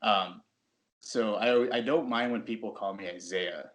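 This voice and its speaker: A man with a fairly low voice speaks as a guest on a video call. His answers come out relaxed and rambling, with lots of filler words as he goes. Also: a little slow. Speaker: guest, professional wrestler. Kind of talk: casual interview answers.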